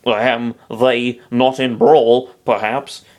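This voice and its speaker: A man voicing a young male hero, speaking slowly and bluntly with an exasperated edge. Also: medium pitch, flat delivery, a little mellow.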